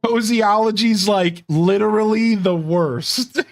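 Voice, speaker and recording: A young man streaming games, chatting excitably, laughing often and reading his chat aloud. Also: high-pitched, takes it slowly, vocal fry. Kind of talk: casual gaming commentary.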